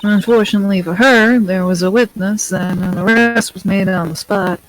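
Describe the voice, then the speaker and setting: A woman's voice: mid-range voice, normal speed, faint music behind, natural voice. A woman voicing a cocky, taunting female witness in a game read-through. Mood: smug. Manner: taunting, self-assured.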